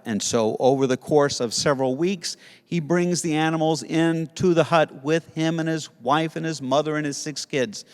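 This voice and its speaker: A man teaching Sunday school to kids, telling a story in a playful, animated way. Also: fairly high pitch, big-room sound. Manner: playful, animated storytelling with put-on character voices.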